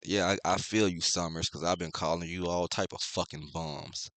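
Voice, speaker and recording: Man, low and punchy, offhand and profane, dry close sound; casual read-along commentary. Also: fairly even intonation, moderate pace, a bit bright, dry recording. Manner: offhand, profane, talks straight to viewers. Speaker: comic reviewer.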